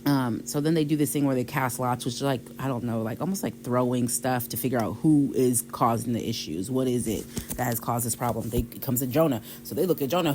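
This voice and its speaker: A woman's voice: extremely low pitch, brisk, few pauses, darkish tone, a little hiss or hum, poor audio. A woman hosting a devotional podcast, retelling a scripture passage in a casual, conversational way. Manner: conversational, retells scripture with quoted voices and light laughs. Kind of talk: casual Bible study talk.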